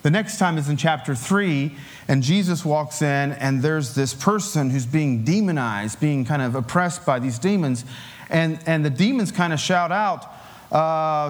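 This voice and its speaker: A man preaching a sermon in a relaxed, conversational way, with filler words and light chuckles. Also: a little high, unhurried.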